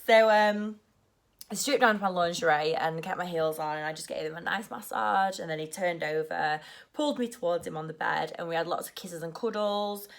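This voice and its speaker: A young woman telling a story in a casual vlog, rushed and nervous, saying "like" constantly. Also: on the low side, creaky. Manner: rushed and nervous, heavy use of "like". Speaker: vlogger.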